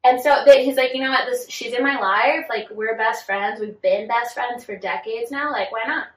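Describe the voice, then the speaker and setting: A woman's voice: fairly high pitch, moderate pace. A woman co-hosting a podcast, chatting casually about celebrity gossip and filling her talk with "like". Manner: chatty, many "like" fillers. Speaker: podcast co-host. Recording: echoey room, far from mic.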